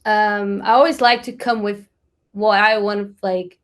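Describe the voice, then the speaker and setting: A woman's voice: medium pitch, steady tone, unhurried. A woman with a Brazilian accent talks as a podcast guest in a loose, rambling way. She keeps the chat casual and strings her thoughts together with plenty of fillers. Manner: chatty, rambling with many fillers. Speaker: guest musician.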